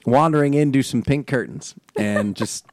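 A man co-hosting a casual chat, animated and laughing often, talking fast. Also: medium pitch, no room sound, studio quality. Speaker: podcast co-host. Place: Los Angeles area.

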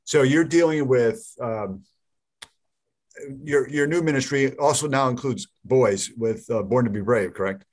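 A man's voice: medium pitch, measured pace. A man interviewing a guest, asking brief questions and affirming her answers.

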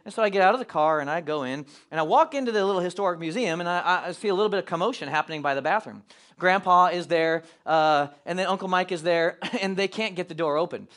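A middle-aged pastor telling a family story in a sermon, animated and acting out the quotes. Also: male voice, high-pitched, fast talker.

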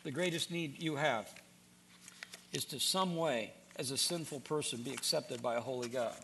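A man's voice: medium pitch, moderate pace, gravelly, sharp tone, a little hiss or hum. A man preaching a sermon, earnest and direct, often repeating words as he starts a sentence. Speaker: pastor.

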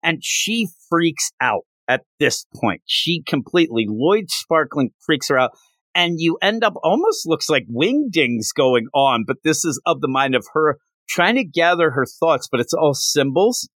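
A man's voice: on the high side, very animated, a little slow, fairly bright tone, dry recording. Male podcast host, enthusiastic rambling recap, dead dry recording. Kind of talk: casual manga chapter recap.

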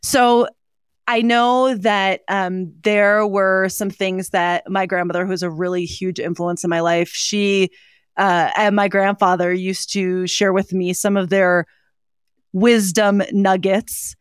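A woman's voice: mid-range voice, little pitch movement, slow, smooth, no echo, clean studio sound. A woman co-hosting a podcast, talking earnestly about hope with plenty of ums and you-knows. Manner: warm, earnest, with frequent fillers. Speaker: podcast co-host. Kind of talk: casual chat on hope and mental health.

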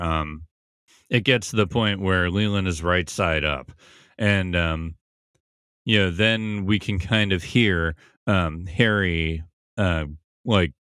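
A man's voice: sits low, fairly bright tone, clean tone, dry recording, studio quality. A man hosting a podcast, casually recapping and analyzing a TV episode in a thoughtful, conversational way, thinking aloud as he goes. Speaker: podcast host.

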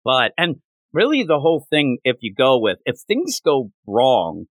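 A man hosting a podcast, retelling and discussing a manga chapter in a casual, animated way. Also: mid-range voice, dry recording. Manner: animated retelling, quick to act out characters. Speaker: podcast host.

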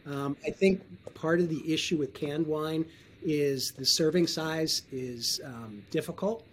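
A man talking casually as a wine trade guest in an interview, relaxed and often clearing his throat. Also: fairly high pitch, a little slow.

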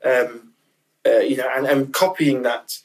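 A man's voice: medium pitch, fairly even intonation, measured pace, far from the mic, rough recording. A man speaking as a podcast guest, candid and emotional, often restarting and repeating words as he talks. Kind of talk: casual interview chat.

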